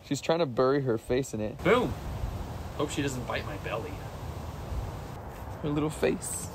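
A man's voice: medium pitch, animated, normal speed, pauses often, slight background noise. Playful man cooing at his pet. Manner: playful, coos in baby talk to his pet. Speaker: vlogger and pet owner. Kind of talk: casual vlog talking to his pet.

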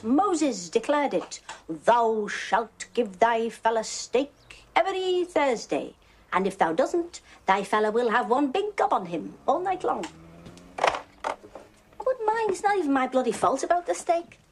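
Middle-aged housewife, sardonic film monologue, lively swooping delivery. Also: female voice, high voice, slight background noise. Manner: dry, sardonic, chatty. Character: wry, bored middle-aged Liverpool housewife.

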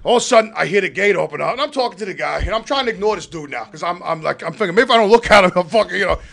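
A man telling a story in casual chat, loud and profane, often breaking into shouts, with a gravelly, raspy voice. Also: high-pitched, animated, very fast. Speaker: show regular telling a story.

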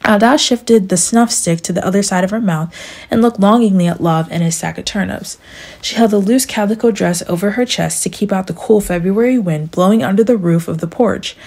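Gravelly young woman reading an audiobook. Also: medium pitch, a little fast, darkish tone. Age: young adult. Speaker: audiobook reader. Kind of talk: amateur audiobook narration.

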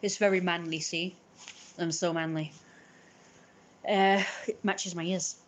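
A woman's voice: fairly low pitch, fairly even intonation, measured pace, a little hiss or hum. A young woman streaming casually, chatting in a rambling way while she cooks and opens parcels, often stopping to correct herself. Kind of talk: casual chat.

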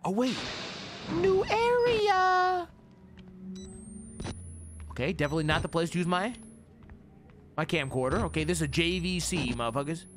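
A young man streaming a horror game, swearing, talking to his chat as "gang" and dropping to a hushed whisper when scared. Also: fairly high pitch, animated, fast talker, slight background noise. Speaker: gaming streamer. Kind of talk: live horror game commentary. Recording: game music audible behind.

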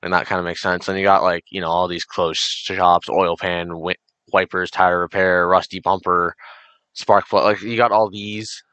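A man's voice: low-pitched, level tone, normal speed, bright, forceful tone, no room sound. A teenage young man rambling enthusiastically while commentating a racing game he is playing. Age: late teens. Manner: rambling, enthusiastic, many restarts and fillers. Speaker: gaming channel host. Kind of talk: casual let's-play commentary.

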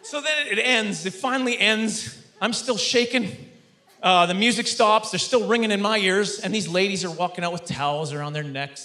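A man performing a stand-up comedy routine, telling a story with lively mock voices for the people in it. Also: sits high, normal speed. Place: stage before a live studio audience.

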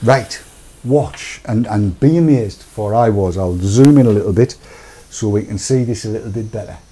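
A man's voice: fairly low pitch, normal speed, mellow, slightly rough. A middle-aged man from Britain hosting a casual live-stream chat, jokey and rambling, reading viewer comments aloud. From United Kingdom. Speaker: show host.

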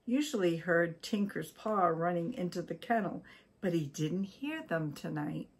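An older woman from Maine reading a children's story aloud at a gentle, unhurried pace. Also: on the low side, animated, breathy edge. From Maine, USA.

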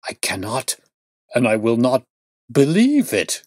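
A man's voice: fairly low pitch, normal speed, no echo, clean studio sound, natural voice. A man voicing an anguished middle-aged male banker who pleads and exclaims in distress. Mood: alarmed.

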